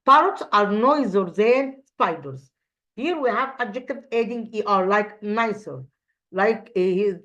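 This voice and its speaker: A woman's voice: mid-range voice, fairly bright tone. A woman English teacher with an Egyptian accent, whose first language is Arabic, explaining grammar in a recorded online lesson with many fillers and restarts.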